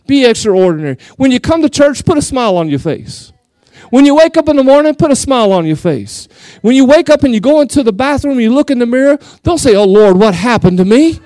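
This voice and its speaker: Male pastor, West Texas accent, high pitch, playful preaching, dry sound. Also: no room sound. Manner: animated, jokey, laughs often, acts out quotes. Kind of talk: lively sermon.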